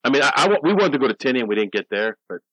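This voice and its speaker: Fast talking podcast guy, mid pitch, bone dry mic, chatty and detail heavy. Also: very animated, fairly bright tone, slightly rough, no room sound, poor audio. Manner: quick, chatty, backs up stories with details. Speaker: podcast co-host. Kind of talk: casual chat.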